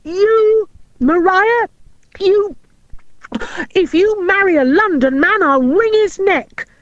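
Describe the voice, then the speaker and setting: Woman voicing a hot-tempered boy shouting. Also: high-pitched, very animated, moderate pace, no echo, muffled recording, voice pushed up. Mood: furious.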